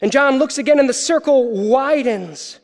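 Man, pastor, sermon, high-pitched, animated, wry asides, echoing church hall. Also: normal speed, vocal fry.

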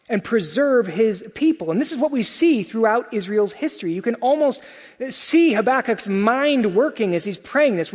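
A male pastor preaching a sermon in a conversational, animated way, with casual asides. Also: high voice, big-room sound.

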